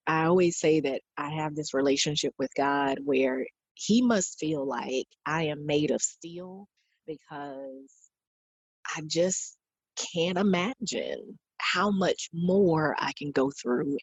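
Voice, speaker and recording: On a dry recording, a low-pitched, slightly rough female voice belongs to a podcast guest in her forties. She recounts personal experiences in earnest, quoting those she talked with.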